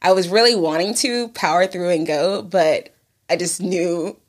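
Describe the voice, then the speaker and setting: A woman's voice: fairly low pitch, a little slow. Teasing young woman friend. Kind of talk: casual chat.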